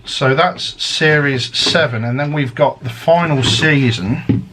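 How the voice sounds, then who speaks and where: A man's voice: mid-range voice, slow pace, noisy background. A man chatting casually as he unboxes a collector's set, rambling and drifting into fan theories. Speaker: unboxing vlogger.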